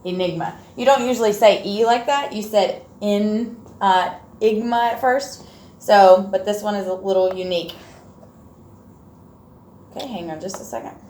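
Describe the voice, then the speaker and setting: A woman's voice: mid-range voice, a little mellow. Encouraging woman teacher in echoey classroom. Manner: encouraging, sounds words out slowly. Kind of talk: reading lesson with a student. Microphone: far camera. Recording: echoey room from far off.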